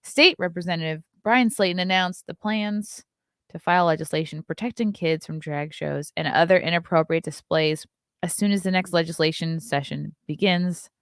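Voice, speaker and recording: A woman in her thirties hosts a casual morning stream, reading news items and reacting to viewer comments. She talks in a fairly low voice and sounds chatty and opinionated. The sound is dry and close, with no room echo. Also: normal speed, clean tone. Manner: chatty and opinionated, reacts to chat, yawns often. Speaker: host of a morning talk stream.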